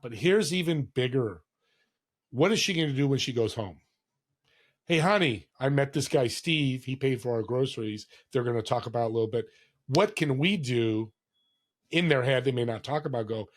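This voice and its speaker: A man's voice: mid-range voice, expressive, moderate pace. A man, a podcast guest, talking earnestly in a casual interview and telling stories with acted-out quotes. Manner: earnest storytelling, acts out quoted voices.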